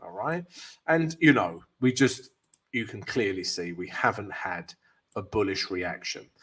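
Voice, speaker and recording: A man's voice: on the low side, a little slow, fairly bright tone, breathy edge. A British man hosting a live trading stream, greeting viewers by name in a chatty, upbeat way and walking through chart analysis with frequent fillers. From Britain.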